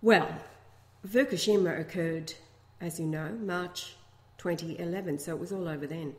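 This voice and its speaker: A woman co-hosting a talk-radio show, speaking in a measured, matter-of-fact way. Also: fairly low pitch, reverberant. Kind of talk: casual talk-radio chat.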